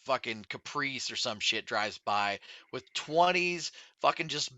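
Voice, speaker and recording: A man, a podcast guest, telling a long story in a casual, animated and very profane way. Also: mid-range voice, a little slow, no room sound. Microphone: studio podcast mic.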